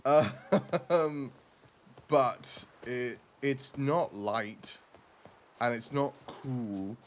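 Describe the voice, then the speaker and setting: A man's voice: medium pitch, very slow. A man streaming a role-playing game, chatting casually and rambling with self-mocking asides.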